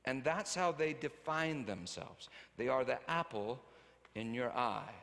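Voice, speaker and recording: A man preaching a sermon, a father telling stories about his children, animated, swinging from loud to hushed. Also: medium pitch, a little slow, in a large hall. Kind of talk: sermon with acted anecdotes.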